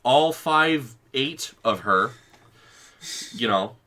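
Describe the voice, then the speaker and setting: A man's voice: medium pitch, expressive, very slow, sharp tone. A man co-hosting a podcast, telling a story with lots of swearing and acted quotes in casual chat. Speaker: podcast co-host.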